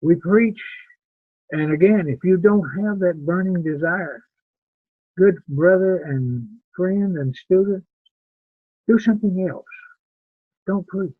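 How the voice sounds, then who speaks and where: Teaching his preaching students, an older instructor speaks earnestly and plainly, often repeating words mid-thought. His voice sits high and he speaks slowly with frequent pauses; there's no echo, but the sound is tinny and phone-like.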